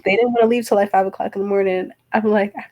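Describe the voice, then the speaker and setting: A woman's voice: mid-range voice, fairly even intonation, a little mellow. A woman guest in casual podcast chat, telling her stories in a chatty way and laughing easily. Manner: chatty storyteller, quick to laugh.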